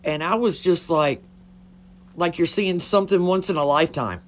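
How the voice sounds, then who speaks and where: A woman's voice: lowish voice, expressive, normal speed. A woman talking casually on a phone livestream, blunt and chatty, swearing freely. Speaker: livestream host.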